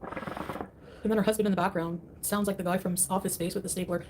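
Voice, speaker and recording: A woman's voice: lowish voice, fairly even intonation, brisk, a little mellow, a little hiss or hum. A woman chatting casually on a livestream, dismissive and scoffing as she talks.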